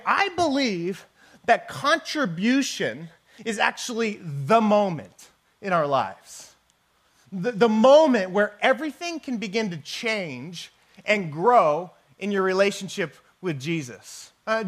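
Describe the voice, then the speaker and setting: High-voiced man preaching a casual sermon. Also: a little slow. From Northern California. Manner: conversational, joking, animated storytelling. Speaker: guest preacher. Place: church.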